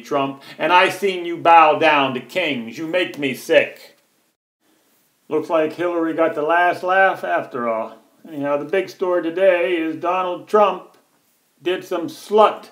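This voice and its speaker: An American man with a high-pitched voice rants to camera in a heated, profane, sarcastic tirade. The room around him is echoey and hard, so his voice rings off the walls. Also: fairly bright tone. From United States. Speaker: political vlogger. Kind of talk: angry political rant to camera.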